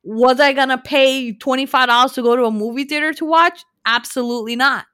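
A woman's voice: sits high, fairly even intonation, fairly quick, pushed and bright, clear, resonant tone. A young woman co-hosting a casual podcast, talking about a movie emphatically, repeating herself and asking herself rhetorical questions. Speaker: podcast co-host. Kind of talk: casual movie-review chat.

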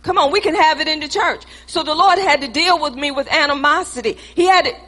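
Woman, middle-aged, preacher, sermon, emphatic, high voice. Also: brisk, pushed and bright. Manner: emphatic, conversational preaching with calls to the congregation.

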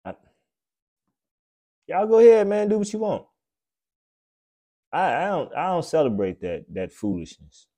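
A man hosting a podcast, delivering a blunt, profane, preachy comedic rant that swings between loud outbursts and low mutters. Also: very animated, a little slow, pauses often. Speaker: podcast host.

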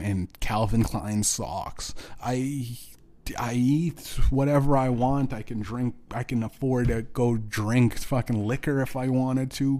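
A man hosting his own show, delivering a bitter, profane rant that swings between loud outbursts and low muttering. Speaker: podcast host. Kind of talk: angry personal rant.

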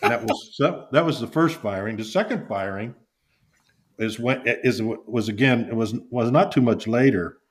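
A man's voice: medium pitch, normal speed. An older man, a former baseball executive, telling long rambling stories in a podcast interview and acting out the quotes. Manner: rambling anecdotes with restarts and acted-out quotes.

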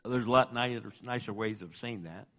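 A man preaching a sermon, animated, jumping between loud outbursts and quiet asides as he acts out the people in his stories. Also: fairly low pitch, normal speed. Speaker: pastor.

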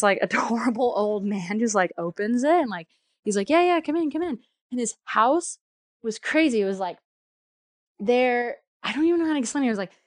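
A woman's voice: medium pitch, no echo, clean studio sound. A woman telling a travel story in a casual, chatty way, full of fillers and laughter.

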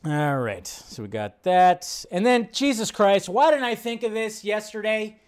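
A man with a somewhat high voice hosts a casual live stream into a desk mic. He rambles, curses freely and laughs often as he reacts to chat. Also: animated, unhurried, clean tone.

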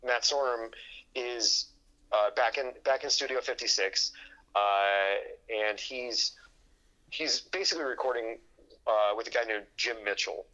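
A man with a mid-range, pushed and bright voice tells a long story at a measured pace in casual chat, though the audio sounds dull. He rambles with fillers and restarts and acts out the dialogue people said.

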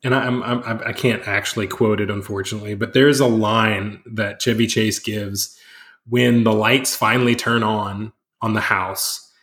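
A man's voice: fairly low pitch, steady tone, moderate pace, fairly bright tone. A man co-hosting a casual podcast chat, hesitant, with frequent restarts, often checking with "right?". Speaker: podcast co-host.

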